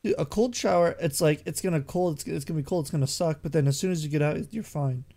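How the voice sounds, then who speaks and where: A man's voice: a little high, fast, gravelly, mellow. A young man chatting casually on a call, hedging and repeating his words. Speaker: podcast co-host. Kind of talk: casual online chat with friends.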